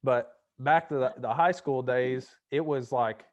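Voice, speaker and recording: A man hosting a casual podcast, telling personal stories in an easy, unhurried way. He swears often without heat, and his voice sits at an ordinary middle pitch for a man. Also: dull audio. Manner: laid-back storytelling with frequent swearing. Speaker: podcast host.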